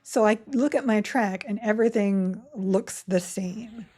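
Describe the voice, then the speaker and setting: A young woman chatting her way through a live game stream, giggling often between remarks. She speaks at an easy, slow pace with a mellow, soft tone and a middle pitch. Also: husky. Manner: chatty, giggly, reads chat aloud. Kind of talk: casual live-stream chat while playing.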